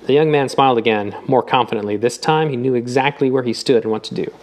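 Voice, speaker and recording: A man narrating an audiobook with a measured, even reading. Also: mid-range voice.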